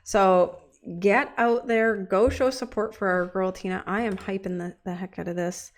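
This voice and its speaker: A woman's voice: medium pitch, fairly even intonation, moderate pace. A woman hosting a casual livestream, bubbly and gushing, talking straight to her chat viewers. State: getting teary-eyed. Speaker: livestream host.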